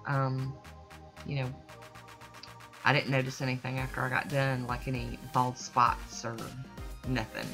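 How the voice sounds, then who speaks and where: A woman, chatty and folksy, narrating her nail art tutorial. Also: very deep voice. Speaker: nail art channel host. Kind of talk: casual tutorial voice-over. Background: soft background music.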